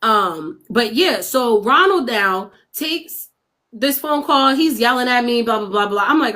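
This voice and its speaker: Young woman streamer, lively profane storytelling, slightly high pitch, laughs between lines. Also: a little slow. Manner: animated, profane, laughs often, acts out quoted voices. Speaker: livestreamer. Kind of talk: casual storytelling to a live chat.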